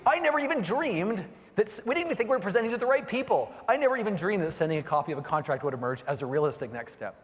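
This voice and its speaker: Middle-aged man, keynote speaker, energetic, animated delivery, keeps checking in with the crowd, long hall reverb. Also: high-pitched, rapid-fire, few pauses. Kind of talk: motivational keynote presentation. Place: large conference hall.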